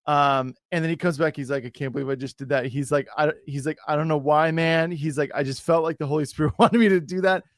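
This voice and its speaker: A man's voice: a little high, steady tone, quick pace, hardly any pauses, no room sound, clean studio sound. A man hosting a podcast, telling a personal story in a loose, rambling way with many restarts. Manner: rambling, full of restarts and fillers. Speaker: podcast host.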